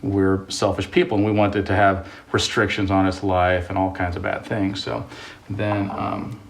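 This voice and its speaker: Speaking flatly at a normal speed, a low-voiced man with vocal fry hosts a home repair video, wandering through a joking story before casually covering plumbing steps. He is in a work area during a water heater install, recorded in an echoey room with the mic at a distance.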